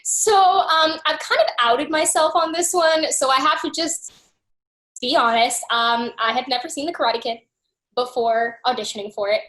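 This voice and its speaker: A woman's voice: high voice, moderate pace, a bit bright, roomy sound. A young adult woman, an actress being interviewed, telling stories in a chatty way and often saying "like". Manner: chatty storyteller, peppers speech with "like". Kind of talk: casual interview chat.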